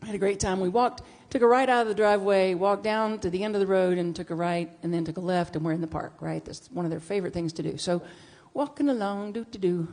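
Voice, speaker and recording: A woman minister giving a storytelling sermon, acting out dialogue with big jumps in pitch and loudness. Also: fast, hardly any pauses. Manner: animated, acts out dialogue with big swings in pitch and volume. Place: church sanctuary.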